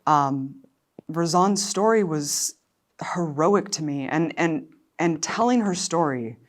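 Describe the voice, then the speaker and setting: A documentary filmmaker appearing as a guest in an interview speaks in a low voice with passionate indignation and raw emotion, at times close to tears.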